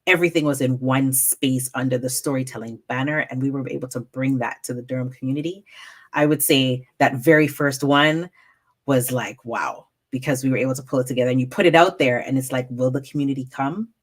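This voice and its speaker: A woman storyteller talking as an interview guest, animated, acting out the quoted moments in her stories. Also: a little fast. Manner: animated, acts out quoted moments with raised pitch. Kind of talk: casual interview chat.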